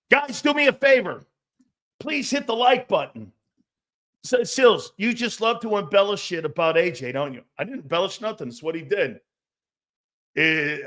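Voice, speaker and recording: A man hosting a casual sports talk show, blunt and animated, swearing freely. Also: fairly high pitch.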